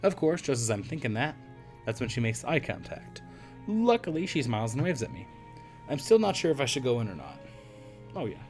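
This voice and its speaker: A hoarse man reading a visual novel aloud as a let's play narrator, with wry, self-deprecating asides. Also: mid-range voice, sing-song, fairly quick, darkish tone, soft background music.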